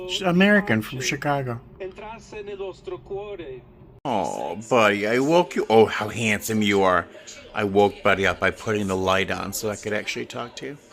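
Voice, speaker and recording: A middle-aged man casually vlogging from a small home studio, rambling in a heartfelt way with many ums and restarts. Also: on the low side. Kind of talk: casual personal vlog.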